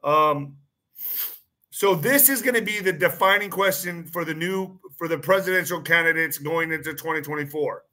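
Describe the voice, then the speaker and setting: The host speaks at normal speed in a fairly high, pushed, bright voice. His casual online-show monologue is full of repeated phrases, restarts and fillers, with claims posed as sharp questions.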